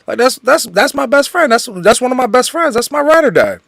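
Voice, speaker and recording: Male podcast co-host, casual and slangy, animated delivery, dry mic. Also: very high voice, brisk, vocal fry, no room sound. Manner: animated, repeats himself, slangy.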